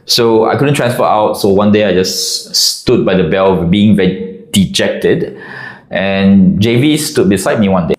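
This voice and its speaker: A man from Singapore narrates a personal army story in a low voice with lively, swinging intonation. He talks in an expressive, conversational way, and the room around him gives a clear echo. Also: a little slow. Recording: echoey room.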